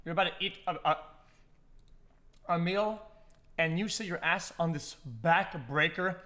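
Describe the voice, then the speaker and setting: A high-pitched man talks over a video he is reacting to. He rants bluntly and crudely in quick bursts, swearing freely as he gives his takes. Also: sharp tone. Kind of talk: profane reaction commentary.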